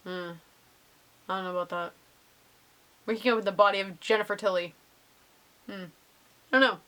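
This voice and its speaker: A woman's voice: mid-range voice, fairly even intonation, moderate pace, a bit bright. A young woman casually answering viewer questions in a vlog, bubbly and gushing with lots of ums.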